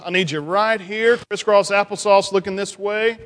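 Man, high voice, children's pastor, playful, animated, teasing, echoing hall. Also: normal speed. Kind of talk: children's church talk.

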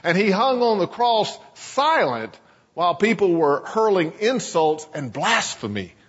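Husky-voiced pastor preaching in a church. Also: male voice, high-pitched, fairly bright tone. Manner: storytelling, dramatizing scripture. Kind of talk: sermon. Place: church sanctuary. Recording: echoey church sanctuary, dull lo-fi sound.

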